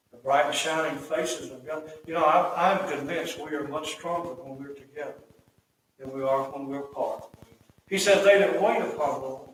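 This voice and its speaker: Folksy preacher in an echoey church. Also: male voice, fairly high pitch, a little hiss or hum. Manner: folksy, builds to loud emphatic repetition. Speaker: pastor. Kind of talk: sermon. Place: church sanctuary. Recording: echoey church hall, mic at a distance.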